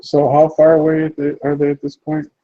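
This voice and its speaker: A man's voice: fairly high pitch, monotone, brisk, phone-quality sound. A man playing a tabletop game, thinking aloud in an unsure, rambling way. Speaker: player. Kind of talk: casual tabletop play.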